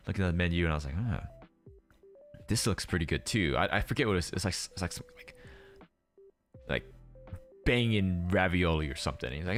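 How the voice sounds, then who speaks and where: A man's voice: sits low, lively intonation, brisk, long pauses, a bit bright. A young man streamer chatting casually, telling a rambling story full of restarts and acted-out quotes. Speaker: streamer host. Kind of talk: casual chat. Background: faint background music.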